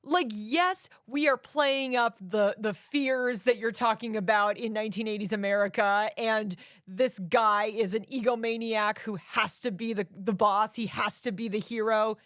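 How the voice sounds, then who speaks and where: A woman's voice: a little high, normal speed, a bit bright, no echo, studio quality. A young adult woman co-hosting a podcast, chatting bluntly and opinionatedly about a movie and swearing casually. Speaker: podcast co-host. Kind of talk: casual movie review chat.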